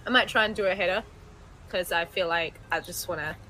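A woman's voice: on the low side, pushed and bright, a little hiss or hum, rough recording. A woman playing a character in a tabletop role-playing game, chatting unhurriedly and laughing often with the table. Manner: unhurried, giggly table talk. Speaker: player.

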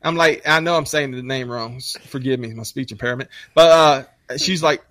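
A bright, forceful male voice, animated and full of swearing as he tells stories in casual chat. He acts out the lines he quotes. The sound is dry and close. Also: medium pitch, moderate pace, no room sound.

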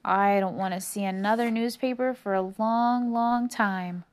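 A woman's voice: mid-range voice, steady tone, a little slow, smooth, close to an everyday voice. A woman reading aloud voices an earnest, worried young boy in a storybook.

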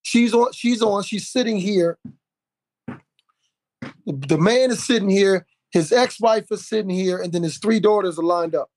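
A man's voice: high-pitched, measured pace, no echo. Fired-up man telling a story on a podcast. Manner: animated storytelling, acts out quotes, many fillers and restarts. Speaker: podcast host. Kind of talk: casual podcast conversation.

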